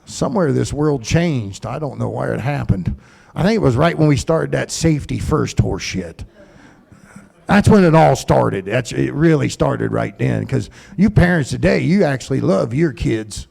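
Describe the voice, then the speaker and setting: A man's voice: medium pitch, expressive, normal speed, gravelly, darkish tone, breathy edge. A middle-aged man doing profane stand-up in a comedy club, ranting and telling stories on a stage mic.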